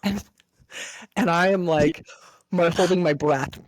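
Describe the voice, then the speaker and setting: Speaking slowly in a fairly low voice, a podcast host in her thirties shares a personal story earnestly and addresses her listeners directly in a candid chat. There is no room sound.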